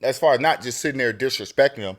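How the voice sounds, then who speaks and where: A man's voice: mid-range voice, quick pace. A man co-hosting a podcast in casual debate, emphatic and profane, insisting on finishing his point. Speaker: podcast co-host.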